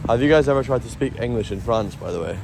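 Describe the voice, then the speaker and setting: A man's voice: medium pitch, lively intonation, fast, background noise. A man with a Scottish accent livestreaming from a phone on a city street at night, chatting casually and swearing often. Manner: chatty, swears a lot, talks to chat. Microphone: handheld phone.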